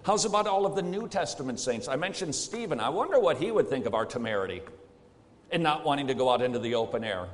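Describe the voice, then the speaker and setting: A man's voice: medium pitch, animated, fast talker. A man preaching a sermon, emphatic and plain-spoken, firing off rhetorical questions. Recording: long hall reverb.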